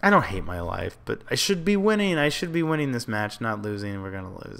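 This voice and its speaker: Very animated and fairly quick, a man with a mid-range, slightly bright voice, clear and resonant with vocal fry, barely pauses while commenting on his own online card game. He thinks aloud about plays and gripes at his mistakes with frustrated muttering and outbursts.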